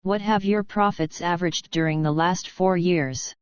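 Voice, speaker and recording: A woman voicing a brisk, decisive wealthy American man in an audiobook. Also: on the low side, smooth, no echo, highs cut off, natural voice. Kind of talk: audiobook narration.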